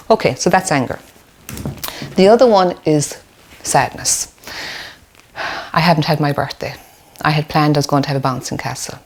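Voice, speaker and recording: A woman's voice: sits low, a little mellow. An Irish woman, a play therapist, explaining parenting in a webinar, often checking in with "okay?". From Ireland.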